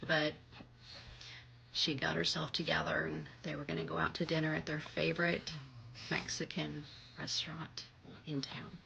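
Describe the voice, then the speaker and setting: Low, gravelly woman on a muffled recording. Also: moderate pace, pauses often. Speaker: storyteller in an online clip. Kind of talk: casual storytelling to camera. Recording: slightly muffled, faint background noise.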